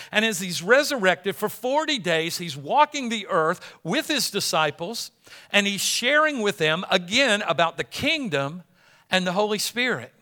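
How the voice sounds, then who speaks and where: A man's voice: sits high, bright, forceful tone. A man preaching a sermon as pastor, talking conversationally and rising to emphatic peaks.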